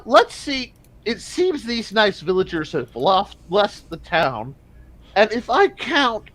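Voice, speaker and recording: A sly male elf pimp, played by a game master talks people round in an unhurried, sing-song patter. The pitch rises and falls freely as he wheedles. It is tabletop role-play banter. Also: no room sound. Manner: coaxing, persuasive patter.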